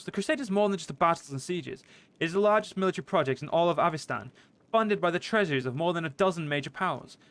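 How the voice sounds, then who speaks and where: Man reading as a poised fox-folk lady diplomat. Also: a bit bright. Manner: read aloud with stumbles, slightly higher pitch.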